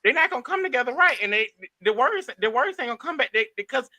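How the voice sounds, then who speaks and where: Guy on a podcast, super bright sharp voice, stutters and repeats stuff, dry close mic. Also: very high-pitched, fast talker, no room sound. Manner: stammers and repeats himself, animated. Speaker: podcast co-host. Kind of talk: casual chat.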